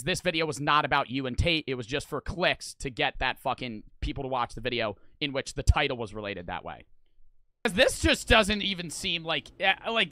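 A young man talks over a video he is reacting to, arguing his side in long, rambling runs full of swearing and restarts. His voice is bright and sits a bit high for a man, and the sound is dry and close with no room around it. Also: dry recording. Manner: argumentative, rambling, swears a lot, many restarts. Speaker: online reaction streamer. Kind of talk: reaction commentary.

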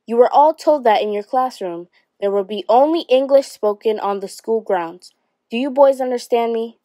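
A woman's voice: medium pitch, moderate pace, no room sound, clean studio sound, natural voice. A woman voicing a huge, harsh schoolteacher who bellows orders at children, reading a story aloud. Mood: furious. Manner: loud, bellowing.

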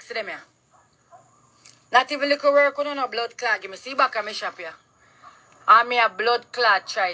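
Loud cursing Jamaican woman. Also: high-pitched, rough recording. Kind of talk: angry street rant to camera.

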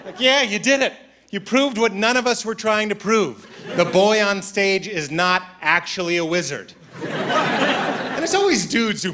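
A male stand-up comedian performing a routine on stage, animated and mocking as he acts out characters. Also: high voice, normal speed, background noise. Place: comedy stage before an audience. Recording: live stage set with loud crowd laughter.

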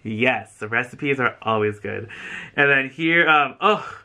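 A man vlogging in a casual, chatty way, reading viewer comments aloud with effusive thanks and lots of fillers. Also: measured pace. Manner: animated, jumps up in pitch when excited. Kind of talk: casual chat.

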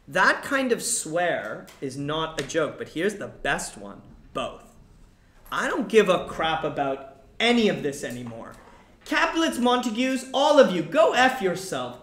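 A male teacher lecturing his class, slowing down to let each point land and acting out the quoted lines with energy. His voice sits a little high. The sound bounces around a roomy, echoey classroom. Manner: animated, acts out quoted lines.

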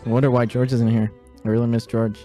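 A man doing a flat, dry, monotone impression of a young male YouTuber, droning and mock-sincere. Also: mid-range voice, quick pace, soft background music, pitched below the performer's own voice, close to an everyday voice.

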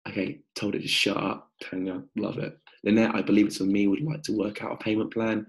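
A man hosting a live-stream coaching pitch, energetic and upbeat, calling out viewers by name. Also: a little fast.

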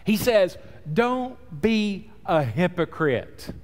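A man's voice: high-pitched, big pitch swings, slow pace, big-room sound. A man preaching a sermon as pastor, telling stories and acting out the people he quotes. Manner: storytelling preacher, acts out quotes. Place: church sanctuary.

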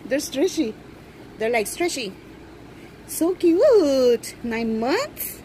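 Woman, unboxing vlog, high voice, big swooping pitch, slow gushing delivery. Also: slight background noise, rough recording. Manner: gushing, excited, coos over the doll. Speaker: reborn doll collector vlogger. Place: indoors at home.

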